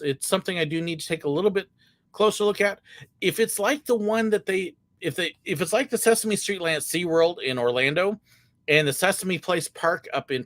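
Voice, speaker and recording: A middle-aged man chatting through viewer questions on a livestream. His voice is fairly high and very lively, and it swings up and down as he talks. The sound is dry and close, with no room echo. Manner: chatty, candid, frequent filler words. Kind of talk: casual live Q&A chat.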